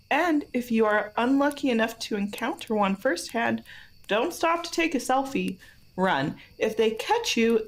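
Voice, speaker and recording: A woman co-hosting a podcast in casual chat, laughing often between her phrases. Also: fairly high pitch. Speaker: podcast co-host.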